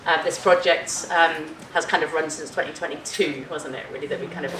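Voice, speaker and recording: Woman, conference panel chair, lower voice, chatty and laughing, echoey hall, distant mic. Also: steady tone, fairly quick, a bit bright. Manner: chatty, laughing, lots of ums. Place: conference room.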